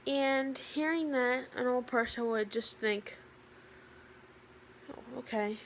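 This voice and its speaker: Teen girl vlogging, kinda high voice, rambly with lots of ums, faint hiss behind. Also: measured pace. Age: teens. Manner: chatty, rambling, with many fillers. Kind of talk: casual vlog talk.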